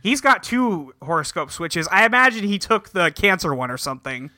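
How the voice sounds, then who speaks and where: High, animated man recapping an episode. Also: normal speed, no room sound, studio quality. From California. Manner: animated, acts out characters' lines mid-recap. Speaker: podcast co-host. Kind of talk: casual chat recapping an anime episode.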